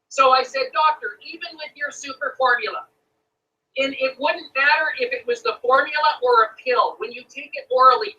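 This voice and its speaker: A man's voice: very high-pitched, sharp tone, recorded from a distance. A man with a Canadian accent, enthusiastically telling a sales story to a room as guest speaker, heard over a phone line. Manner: enthusiastic storyteller, addresses "folks".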